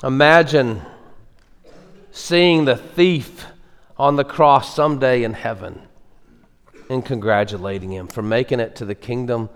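Emphatic preacher in an echoey church. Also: male voice, medium pitch, unhurried, long pauses, clear, resonant tone. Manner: earnest, emphatic, repeating words as he builds. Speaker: pastor. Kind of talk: sermon. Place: church sanctuary.

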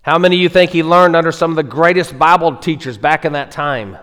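An earnest pastor preaches a sermon with emphatic, repeated words and a fairly high male voice. His voice rings through a church sanctuary with a long hall reverb. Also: a little fast, fairly bright tone.

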